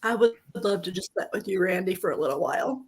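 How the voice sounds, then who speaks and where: A woman's voice: medium pitch, fast talker. A woman hosting an interview, earnest and openly moved, talking over a video call. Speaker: host. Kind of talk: emotional interview conversation.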